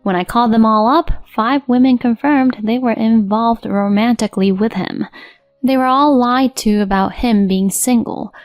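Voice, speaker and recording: A woman narrating a first-person story in a cold, steady, matter-of-fact way. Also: on the high side, normal speed, dry recording. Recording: dry studio voice-over with soft music.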